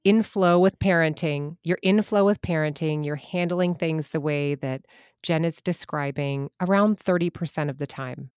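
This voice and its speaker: Female podcast host, very deep voice, dry close sound. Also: moderate pace, darkish tone, clean tone, no room sound. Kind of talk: podcast interview.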